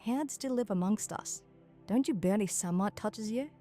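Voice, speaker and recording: Man doing a timid high-voiced young woman. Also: normal speed, soft background music, lightly acted. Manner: soft, timid, hesitant. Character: frightened young woman newly turned vampire.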